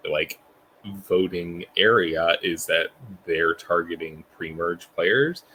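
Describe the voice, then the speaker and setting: A man co-hosting a podcast, talking through a reality show's strategy in a measured, casual way full of "like". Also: sits low, bright, forceful tone, a little hiss or hum, rough recording. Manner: measured, filler-heavy analysis with many "like"s. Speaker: podcast co-host. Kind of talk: casual recap chat.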